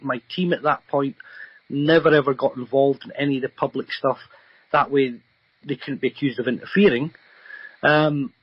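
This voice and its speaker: A man with a slightly high, slightly rough voice is a guest psychic medium in a remote radio interview. He tells a long story earnestly and ramblingly, full of ums and restarts, on a dry recording with the highs cut off.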